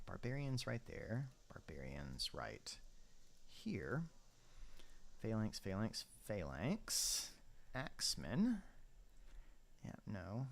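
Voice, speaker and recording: A man giving casual gameplay commentary as a streamer, chatty and thinking aloud while he sets up his army. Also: lowish voice. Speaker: game streamer.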